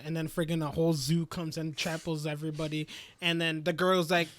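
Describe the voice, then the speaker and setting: A man's voice: on the high side, little pitch movement, fast, fairly bright tone, dry recording. A young man co-hosting a casual podcast, retelling anime scenes with slangy voiced quotes. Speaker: podcast co-host. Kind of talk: casual podcast chat, recapping an anime episode.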